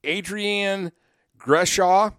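A man co-hosting a casual sports podcast, relaxed as he reads off game stats. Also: high-pitched, drawn-out words, smooth, no room sound, studio quality. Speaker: podcast co-host.

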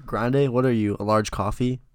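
A man's voice: mid-range voice, steady tone, moderate pace, dry recording. A young man co-hosting a podcast in casual banter, dropping dry, joking asides. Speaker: podcast co-host.

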